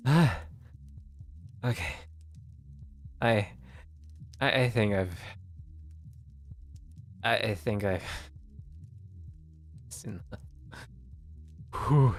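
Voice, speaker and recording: A man's voice: lowish voice, animated, extremely slow, long pauses, soft background music. A male VTuber streamer, not a native English speaker, chatting casually in a giggly, stammering way that repeats words. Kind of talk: casual livestream chat.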